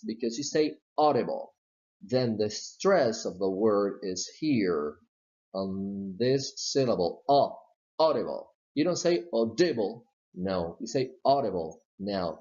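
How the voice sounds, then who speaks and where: A male teacher walks through English pronunciation patiently, step by step, saying model words again and again. He has a medium-pitched, somewhat mellow voice, and the lo-fi audio sounds slightly dull.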